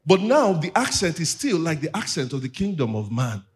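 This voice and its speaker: A pastor delivering a teaching sermon in church, calling on the congregation to repeat after him. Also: male voice, fairly high pitch, big pitch swings, moderate pace, breathy edge, soft background music.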